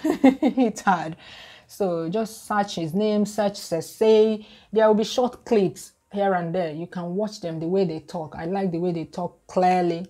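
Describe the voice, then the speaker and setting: A woman's voice: on the low side, warm tone. A Nigerian woman with a Nigerian accent, chatting casually to her viewers and often repeating words as she restarts. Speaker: YouTuber. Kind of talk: casual talk to camera.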